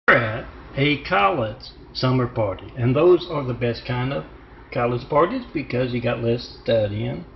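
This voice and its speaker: A man delivering a rambling, disjointed self-promotional monologue, halting with fillers. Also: mid-range voice, expressive, vocal fry. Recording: muffled lo-fi recording with faint hiss.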